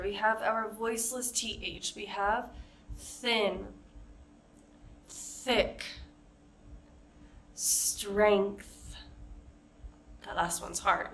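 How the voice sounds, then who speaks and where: A woman with an American accent teaching a pronunciation lesson, modeling example words slowly and carefully. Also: medium pitch, a bit bright. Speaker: accent coach.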